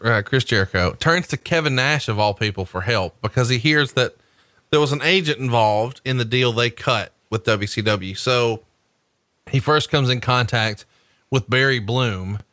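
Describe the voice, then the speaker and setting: Bright-voiced joking man podcast host. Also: mid-range voice, normal speed, no echo, studio quality. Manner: profane, teasing, reads book quotes aloud. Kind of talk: casual podcast chat.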